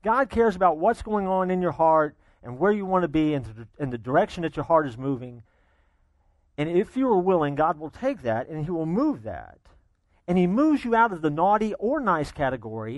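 A male pastor telling a story from the pulpit, swinging between quiet asides and loud bursts. His voice sits fairly high and moves a great deal. The sound is dry and close, with little room around it. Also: big pitch swings, normal speed, dry recording. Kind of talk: sermon with storytelling.

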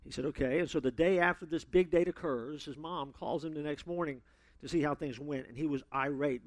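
A pastor with a fairly high voice preaches a sermon at a brisk pace, recorded with no echo. He tells stories and acts out the people he quotes, swinging widely between voices.

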